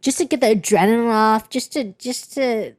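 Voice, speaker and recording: A woman's voice: on the high side, moderate pace, darkish tone, dry recording, clean studio sound. A young woman co-hosting a podcast, telling a personal story in a candid, rambling way with many restarts. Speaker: podcast co-host. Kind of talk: casual chat.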